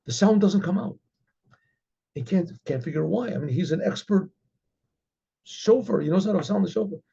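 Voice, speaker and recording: A rabbi telling a story in a rambling way, with many fillers and frequent throat clearing. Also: male voice, sits high, moderate pace, mellow, lo-fi sound. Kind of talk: storytelling talk.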